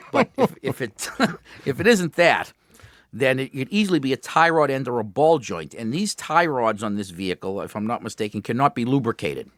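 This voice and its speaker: A man's voice: mid-range voice, big pitch swings, moderate pace, no echo, studio quality. A man with a Boston accent hosting a radio call-in show, playful and chatty with callers. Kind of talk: joking radio banter. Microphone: studio mic.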